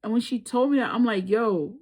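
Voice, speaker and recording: A woman's voice: a little high, a little fast, darkish tone. A woman doing a tarot reading, telling a personal story in casual, slangy speech and laughing often. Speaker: tarot reader.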